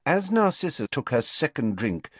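A man giving an expressive, measured audiobook narration of a story. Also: medium pitch, no room sound.

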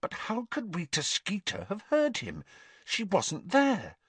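A man voicing a clever, bossy teenage schoolgirl witch, talking quickly and emphatically. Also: high voice, huge pitch swings, fairly bright tone, slightly rough, no room sound, pitched above the performer's own voice, full character voice. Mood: puzzled.

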